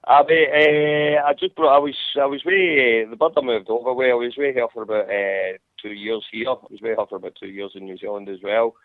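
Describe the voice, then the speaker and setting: A Scottish podcast host with a medium-pitched, steady voice chats casually and profanely over a call, talking fairly quickly with few pauses. He rambles with many restarts, and the tinny phone-line sound has no echo.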